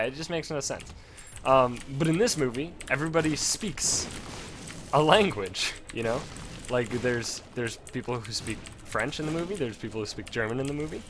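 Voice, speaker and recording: A man's voice: mid-range voice, normal speed, a bit bright, a little hiss or hum. Rambling young man streaming a game. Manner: rambling, many fillers and restarts. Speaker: gaming streamer. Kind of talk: casual commentary while playing.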